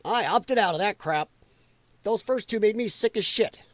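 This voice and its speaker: A man's voice: sits high, normal speed, a bit bright, dry recording. A man hosting a live show, ranting in a blunt, heated, profane way. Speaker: livestream show host.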